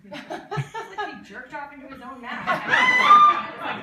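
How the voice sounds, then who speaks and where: Deadpan woman doing stand-up in an echoey club. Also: sits high, unhurried, very noisy. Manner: deadpan, chatty, loud laughing asides. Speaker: stand-up comedian. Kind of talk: stand-up comedy set. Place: comedy club stage with live audience. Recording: echoey club recording from a distance, crowd laughter.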